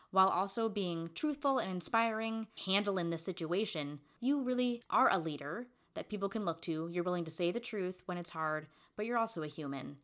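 A woman's voice: mid-range voice, fairly bright tone. A woman co-hosting a podcast, speaking with enthusiasm and playfulness about a TV show. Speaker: podcast co-host. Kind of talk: casual TV recap chat.

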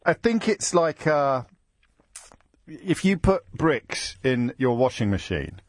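A man hosting a live radio phone-in show, bantering quickly and teasingly with callers. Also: medium pitch, sing-song, no room sound, studio quality. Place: radio studio. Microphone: studio microphone.

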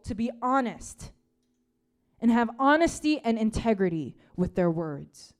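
Woman, preacher, casual sermon, talkative, emphatic repetition, a bit high-pitched. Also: sing-song, measured pace. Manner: chatty, peppered with "like" and "right?"; emphatic, repeats key phrases for stress.

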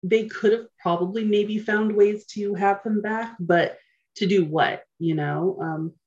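A woman's voice: mid-range voice, fairly even intonation, unhurried, a little mellow. A woman co-hosting a podcast in casual chat, frank and playful, often poking fun at herself. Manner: frank, playful, self-mocking. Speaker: podcast co-host. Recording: dull lo-fi sound.

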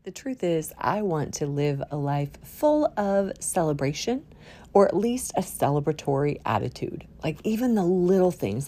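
A woman hosting a solo podcast in a playful, quirky way, swinging from loud cheer to a near-whisper. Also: sits low, very animated, normal speed. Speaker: podcast host. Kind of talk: upbeat solo podcast talk.

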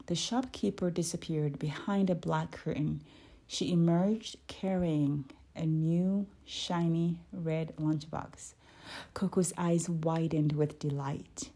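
Woman reading a children's book aloud; husky, low and unhurried, gentle pace. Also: steady tone. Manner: careful, gentle, correcting her own slips. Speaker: reader.

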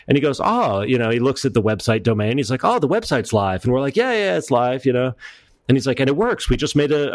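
Animated male entrepreneur guest, dry sound. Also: dry recording. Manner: animated, acts out quoted dialogue with raised pitch. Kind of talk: casual interview storytelling.

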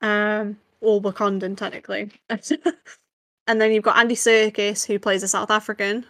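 A young English woman co-hosting a podcast in casual chat, bubbly and quick to laugh, wandering off on tangents. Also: medium pitch, flat delivery, fairly bright tone. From England. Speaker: podcast co-host.

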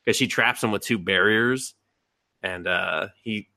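A man co-hosting a podcast, recapping a show in loose, profane chat and jumping into quick voices for the characters. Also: on the low side, vocal fry, pushed and bright, dry recording, studio quality. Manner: profane, rambling, acts out quotes in sudden voices. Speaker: podcast co-host. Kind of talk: casual anime recap chat.

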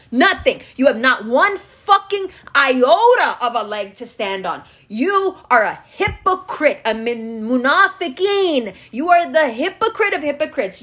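A woman delivering an angry, profane political rant, switching between slow emphatic lecturing and sarcastic outbursts. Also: high-pitched, a bit bright. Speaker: commentator.

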